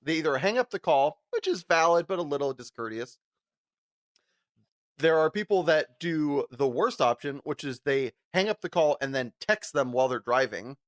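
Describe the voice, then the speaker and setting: A man's voice: on the high side, animated, normal speed, dry recording, studio quality. A man co-hosting a podcast, telling a story in a casual, profane way and laughing often. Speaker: podcast co-host.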